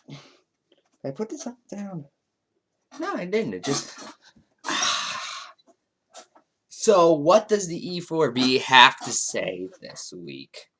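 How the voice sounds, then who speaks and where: Sarcastic man with a lively voice. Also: slight background noise. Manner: sarcastic, mocking, with lively swings in pitch. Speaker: commentary YouTuber. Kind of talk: sarcastic commentary.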